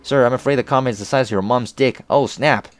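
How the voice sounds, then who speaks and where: A man's voice: medium pitch, fast talker, dry recording, voice pushed up, lightly acted. A man voicing a sardonic teenage boy in an online chat, rambling and crude. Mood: snarky. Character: snarky deadpan teenage boy chatting online.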